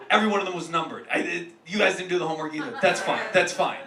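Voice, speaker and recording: A man's voice: a little high, fast talker. A man hosting a comedy roast on a club stage, introducing acts with joking, self-deprecating remarks. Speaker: roast host. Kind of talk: stand-up hosting. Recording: echoey club from a distance, audible crowd.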